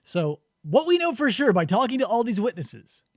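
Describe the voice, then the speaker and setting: Brief: male podcast co-host, high lively voice, dry close sound, comic riffing. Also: normal speed, no echo. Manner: animated, swearing, acts out witness quotes. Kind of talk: casual comedic book discussion.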